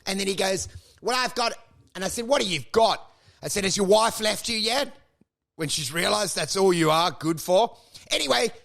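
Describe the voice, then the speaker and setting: A young man telling a crude story on a casual podcast, ranting and animated as he goes. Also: high-pitched, normal speed, gravelly. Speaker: stand-up comedian and podcast co-host.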